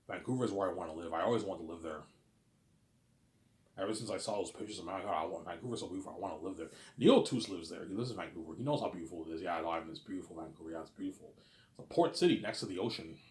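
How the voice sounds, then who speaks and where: A man's voice: deep voice, darkish tone, echoey room. A man from Canada talking in a rambling, repetitive casual monologue, swearing offhandedly and often asking "you know what I'm saying". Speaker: vlogger.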